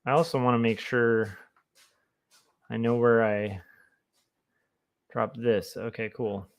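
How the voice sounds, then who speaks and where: A man's voice: mid-range voice, steady tone, slow, clear, resonant tone. A man, a comic artist, chatting casually on a livestream in a rambling, self-amused way. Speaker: comic artist streaming his work.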